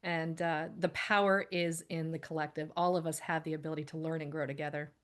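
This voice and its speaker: A woman's voice: low-pitched, flat delivery, a little fast. A woman guest on a podcast, speaking in an upbeat, casual conversational way and laughing often. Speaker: guest, holistic practitioner.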